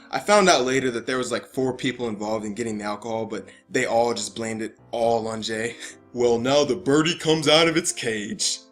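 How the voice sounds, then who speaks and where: A young man tells a personal story in a loose, casual vlog style, tripping over and repeating his words. He swears freely and breaks into laughter between lines. His voice sits at an average pitch, with faint music playing underneath. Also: fairly bright tone. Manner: stammering, profane, laughing asides. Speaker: vlogger.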